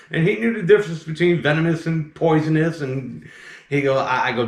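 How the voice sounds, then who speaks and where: A man with a slight Southern accent who removes snakes, telling a story in a chatty, animated way. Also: fairly high pitch, a little fast. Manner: animated, chatty, keeps saying "right?" and "mind you". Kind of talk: casual storytelling. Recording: roomy echo.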